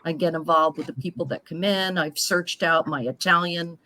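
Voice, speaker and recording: A woman's voice: sits low, moderate pace, pushed and bright, no echo. A middle-aged woman sharing personal stories earnestly in a casual group video chat. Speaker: guest author.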